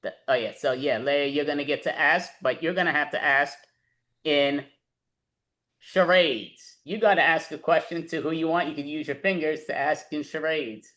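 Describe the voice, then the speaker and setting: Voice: medium pitch, moderate pace, fairly bright tone. A host running an improv comedy game over a video call, giving casual instructions. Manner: casual, instructing, loose fillers.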